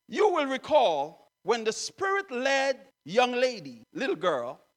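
A man's voice: extremely high pitch, bright, forceful tone. A man preaching a sermon as a chaplain, telling a scripture story dramatically with emphatic repetition.

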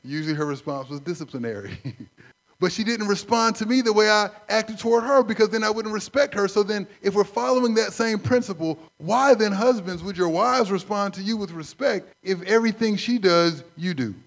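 A man preaching a sermon, conversational and animated, acting out stories. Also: sits high, brisk. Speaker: pastor.

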